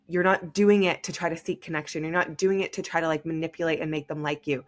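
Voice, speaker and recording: A woman's voice: low-pitched, steady tone, quick pace, few pauses. A young woman hosting a podcast, telling a personal story in a casual, chatty way, full of "like.". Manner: chatty, heavy use of "like". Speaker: podcast host.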